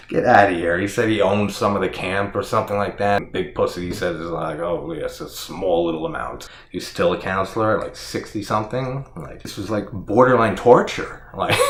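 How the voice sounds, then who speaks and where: A man with a lowish voice delivers an exasperated, profane horror film review rant, breaking into laughter and leaning on "like" at every turn. His voice bounces around an echoey room. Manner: exasperated, profane, laughs often, filler "like" throughout.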